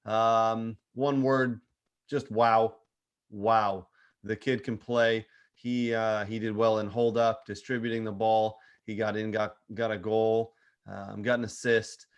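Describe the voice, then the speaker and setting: A man co-hosting a soccer talk show, chatting casually and upbeat, with some sarcasm and quick questions to his co-host. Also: mid-range voice. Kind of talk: casual sports chat.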